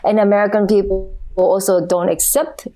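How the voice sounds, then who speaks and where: A woman's voice: mid-range voice, little pitch movement, moderate pace, mellow. A woman who is a podcast guest, chatting frankly and animatedly in English with non-native phrasing and frequent laughs. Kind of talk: casual podcast chat.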